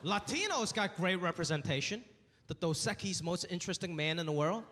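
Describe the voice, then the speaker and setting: A man doing a stand-up comedy set, telling stories in an animated way and acting out voices. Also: sits high, brisk, slight background noise. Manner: animated storytelling with acted voices. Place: theater stage with live audience. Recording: roomy hall with crowd laughter. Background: audience laughing.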